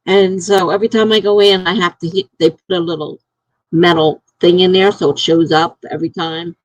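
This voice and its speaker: A woman's voice: fairly low pitch, steady tone, fairly quick, no room sound, muffled recording. A middle-aged woman live streaming from home, chatting casually and telling stories, acting out what other people said. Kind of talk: casual chat.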